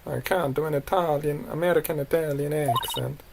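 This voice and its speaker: A let's player giving casual commentary, reading game text aloud and adding quick chatty asides. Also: medium pitch, steady tone, gravelly, background noise. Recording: loud game music behind the voice.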